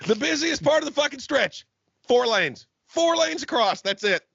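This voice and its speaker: A man from Florida co-hosting a podcast, ranting with heavy swearing and bursts of shouting. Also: very high-pitched, lively intonation, normal speed, vocal fry, no room sound. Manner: profane, shouting rants. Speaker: podcast co-host. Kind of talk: comedic rant. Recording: slightly muffled, dry.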